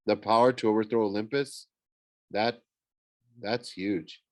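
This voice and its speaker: A man's voice: fairly low pitch, steady tone, measured pace, a little mellow, close to an everyday voice. A man voicing a tough, brooding teenage girl who mutters. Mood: awed.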